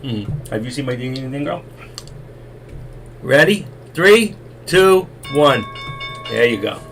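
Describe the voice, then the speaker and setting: A man's voice: mid-range voice, lively intonation, a little slow, vocal fry, a bit bright, slight background noise. A middle-aged man hosting a live stream, telling rambling folksy stories and losing his voice. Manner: chatty, folksy, repeats himself. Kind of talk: rambling casual storytelling.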